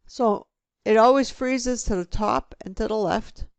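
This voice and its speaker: A woman teaching a spreadsheet lesson, talking through each click step by step in a relaxed way. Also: on the high side, a little slow, creaky, no room sound. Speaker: instructor. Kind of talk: screen-recorded software tutorial.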